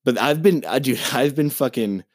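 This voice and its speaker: A man in casual podcast chat, swearing freely as he recaps a film with plenty of animation. His voice sits at an ordinary middle pitch, and the recording is dry and close. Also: normal speed, dry recording. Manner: profane, animated movie rant. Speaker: podcast co-host.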